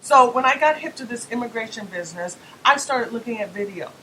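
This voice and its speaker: A woman's voice: on the high side, expressive, fairly quick, bright, forceful tone, slight background noise, rough recording. A woman hosting a political talk radio show, speaking emphatically with rhetorical questions and folksy asides.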